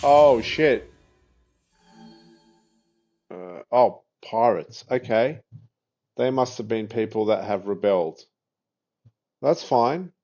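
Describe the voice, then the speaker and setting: Speaking slowly with long pauses, this Australian man has a low-ish, expressive, slightly mellow voice. He's a gaming video creator doing casual, chatty commentary, laughing a lot and swearing freely, over faint game music in slightly dull audio.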